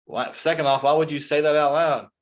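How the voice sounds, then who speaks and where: A man's voice: a little high, fairly even intonation, a little fast. Exasperated man in his forties ranting. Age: 40s. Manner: exasperated, incredulous, mocking common sayings. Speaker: comedian. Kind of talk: comedic rant.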